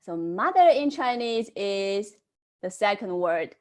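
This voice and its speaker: A woman leads an online language class at an unhurried pace. Her pitch swings widely as she models each word, then prompts the class to try it themselves. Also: expressive, creaky. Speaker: Chinese language teacher.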